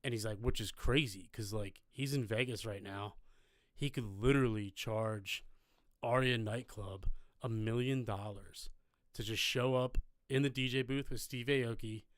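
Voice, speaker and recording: A man co-hosting a podcast, rambling through stories with plenty of profanity. His voice sits at a middling pitch, and the sound is dry and close to the mic. It feels like relaxed, casual banter. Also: measured pace, no echo. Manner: loose, rambling storyteller with lots of profanity. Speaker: podcast co-host. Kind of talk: casual chat. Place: live podcast recording.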